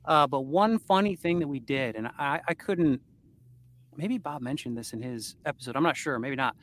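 A man's voice: mid-range voice, normal speed, a bit bright, slight background noise. A man who narrates audiobooks, talking casually as a guest in an interview, easygoing and laughing often.

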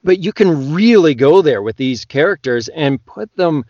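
A Canadian man, an audiobook narrator, talking loudly and excitedly as a podcast guest. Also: fairly high pitch, moderate pace, no room sound, lo-fi sound. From Western Canada. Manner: loud, excitable talker. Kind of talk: casual podcast chat.

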